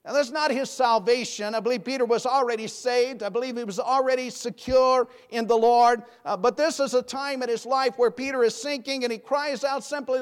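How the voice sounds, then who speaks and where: A man's voice: very high-pitched, moderate pace. A man preaching a sermon, fervent and rising to emphatic peaks when he quotes scripture.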